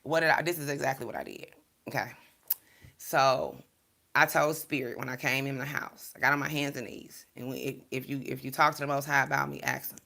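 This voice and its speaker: On her video channel, a spiritual card reader and vlogger tells a spiritual story in a casual storytelling vlog, speaking candidly, emphatically, and chattily with preachy asides. Her voice is very deep and steady in tone, brisk, with vocal fry and a pushed, bright quality.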